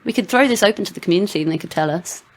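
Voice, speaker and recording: A woman's voice: medium pitch, lively intonation, very fast, noisy background. A woman co-hosting a podcast, chatting casually and playfully, riffing on silly words. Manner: playful, giggly, word-play. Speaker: podcast co-host. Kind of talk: casual chat.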